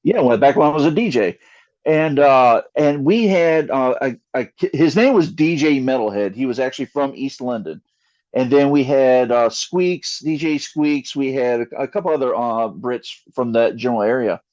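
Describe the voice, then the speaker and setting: A man, once a DJ, chatting casually as a podcast guest, halting with many restarts. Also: medium pitch, a little mellow, highs cut off. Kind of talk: casual chat.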